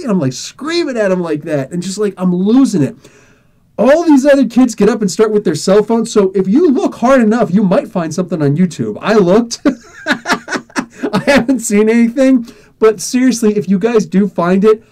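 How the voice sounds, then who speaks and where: A man hosting a podcast who tells a story in a casual, animated way, acting out the dialogue and laughing often. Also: sits high, fairly quick. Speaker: podcast host.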